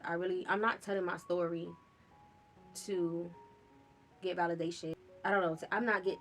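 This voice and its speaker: A woman in a candid confessional vlog, talking in a raw, rambling and profane way, with sighs. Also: fairly low pitch. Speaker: vlogger telling her own story.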